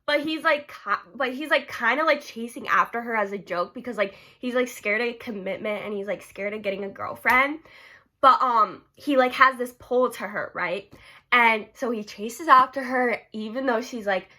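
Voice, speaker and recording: A woman's voice: fairly high pitch, normal speed, bright, forceful tone. A young woman rambling casually in a vlog, giggly and gushing, with constant "like" fillers. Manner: giggly, gushing, heavy use of "like". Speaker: book vlogger.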